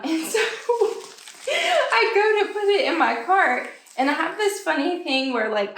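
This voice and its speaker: A woman vlogger telling a story in a chatty, animated way and acting out the people she quotes in a much higher voice. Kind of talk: casual storytelling vlog. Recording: echoey room.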